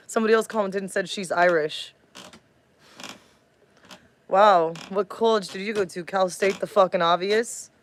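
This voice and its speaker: A woman's voice: medium pitch, a little hiss or hum. A woman in her thirties talking bluntly to her live stream chat, combative and swearing heavily. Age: 30s.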